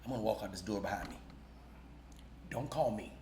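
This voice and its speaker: A cool, deadpan exterminator who speaks low and hushed, as a man puts him on. He talks unhurried and cocky, like he already owns the room. The sound is a bit roomy, with faint hiss behind it. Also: vocal fry. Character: calm, deadpan male exterminator in character.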